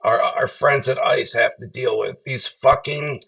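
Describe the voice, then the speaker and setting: A podcast host giving casual political commentary in a profane, mocking rant. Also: male voice, mid-range voice, fairly even intonation, measured pace, vocal fry, fairly bright tone, distant mic, highs cut off.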